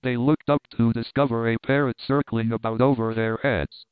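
Male audiobook narrator, measured, dry phone-like recording. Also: mid-range voice, steady tone, smooth, no room sound. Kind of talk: scripted narration. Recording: dry, tinny phone-like sound.

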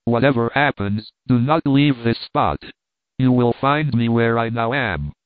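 A man's voice: mid-range voice, measured pace, no echo, close to an everyday voice. A man voicing a firm, resolute young male courier, heard over a tinny, dry, phone-like recording.

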